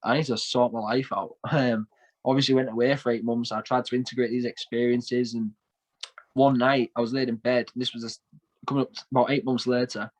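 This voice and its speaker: A man's voice: mid-range voice, flat delivery, a little fast, rough recording. A man in his twenties with a North East English accent, telling his story in a casual interview, rambling with lots of fillers and repeated words. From north east England. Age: 20s. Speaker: guest, shamanic practitioner.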